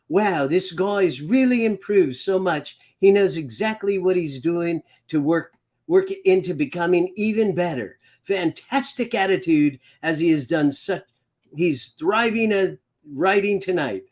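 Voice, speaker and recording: A man's voice: high-pitched, animated, measured pace, a little mellow. A man doing a put-on English accent. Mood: mock-earnest. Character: man imitating a race team manager's post.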